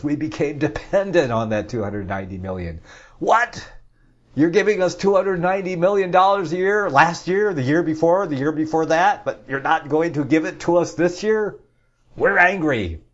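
A man's voice: on the high side, lively intonation, moderate pace, pitched above the performer's own voice. A man mocking whiny indignant officials. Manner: mocking, exaggerated outrage. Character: indignant officials whining for lost money. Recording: dull lo-fi audio.

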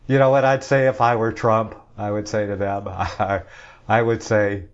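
A man's voice: fairly low pitch, steady tone, moderate pace. A man hosting a talk show, rambling through the news with casual, sarcastic asides. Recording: dull lo-fi audio.

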